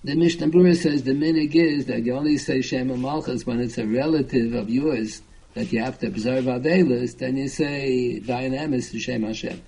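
A man's voice: medium pitch, normal speed, creaky, warm tone, breathy edge, poor audio. A man teaching a Talmud class, explaining step by step and chanting the Hebrew and Aramaic quotes.

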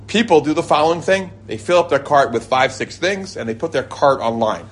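A man who lives in Israel speaks briskly to a group, telling lively stories threaded with religious teaching. He often quotes people in a high, excited voice, and he chuckles and begins sentences again partway through.

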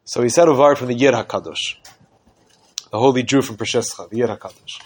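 A man teaching a Torah class, explaining a text with lively acted-out dialogue and many Hebrew terms. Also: medium pitch, fairly quick, slightly rough. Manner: animated, acts out quoted dialogue.

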